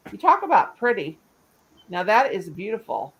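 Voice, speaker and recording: A woman hosting a casual livestream chat, chatty and animated, laughing often. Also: mid-range voice, moderate pace, a little hiss or hum, low-quality recording. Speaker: livestream host. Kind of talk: casual live-stream chat.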